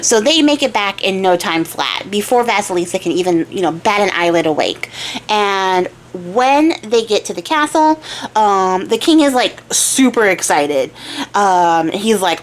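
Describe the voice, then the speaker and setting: A woman's voice: mid-range voice, sing-song, unhurried, low-quality recording. A woman retelling a fairy tale casually as a craft channel host, chatty, jokey, with slangy asides to viewers.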